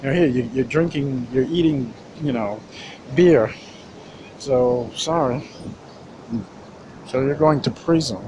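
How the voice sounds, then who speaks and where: A man's voice: mid-range voice, unhurried. Rambling, cursing man with background noise. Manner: rambling, profane, many restarts and fillers. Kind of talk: casual rambling monologue.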